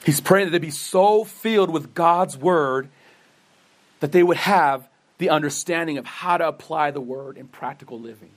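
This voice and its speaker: Male pastor preaching, high voice, earnest, rhetorical questions, stumbles and restarts. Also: normal speed. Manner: earnest, asks rhetorical questions and answers them himself; says he stutters, with frequent restarts. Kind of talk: sermon.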